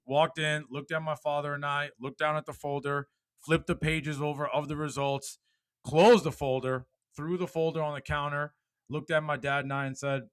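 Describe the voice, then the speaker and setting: A man in an interview, telling his own story with lively energy that rises and falls. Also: on the high side, moderate pace, smooth, no room sound. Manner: animated, gets loud and laughs when telling a punchline. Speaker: guest speaker.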